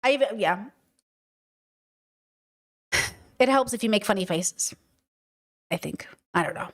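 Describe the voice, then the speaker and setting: A woman's voice: medium pitch, expressive, slow, fairly bright tone. A young woman hosting a casual livestream podcast, talking in an emphatic, chatty way with many fillers and restarts. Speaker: podcast host.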